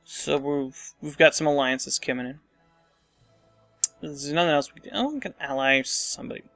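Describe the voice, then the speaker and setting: A man's voice: on the high side, normal speed, creaky, fairly bright tone, no room sound, faint music behind. A man casually commenting on a strategy game as he plays, thinking aloud and muttering asides to himself. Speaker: let's play host.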